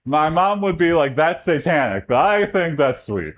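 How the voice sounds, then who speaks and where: A man from Texas, chatting casually with his livestream chat during a workout. His talk rambles, and his voice jumps up in pitch when he gets excited. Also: moderate pace. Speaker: streamer.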